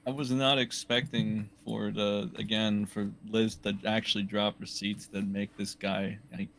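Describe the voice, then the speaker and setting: A man's voice: fairly low pitch, little pitch movement, measured pace, a bit bright. A man co-hosting a livestream, chiming in casually, laughing and swearing as he rants. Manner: laughs a lot, swears while ranting. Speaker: livestream co-host.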